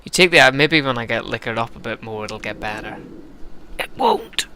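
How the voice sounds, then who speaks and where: A man's voice: mid-range voice, fast, sharp tone, slight background noise. A man casually commentating a video game he is playing, making joking, self-deprecating asides. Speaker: lets-play narrator.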